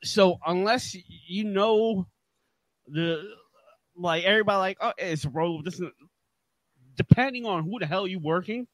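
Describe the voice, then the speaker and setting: Man, wrestler, fairly high voice, dry sound, profane, stammers. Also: normal speed, long pauses, dry recording. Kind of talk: casual podcast chat.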